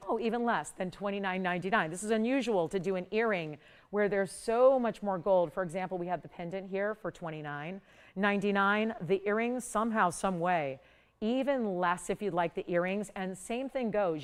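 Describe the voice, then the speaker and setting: A woman's voice: medium pitch, normal speed, clear, resonant tone. A middle-aged woman hosting a live TV jewelry shopping show, talking in chatty, upbeat sales patter. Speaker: home shopping host.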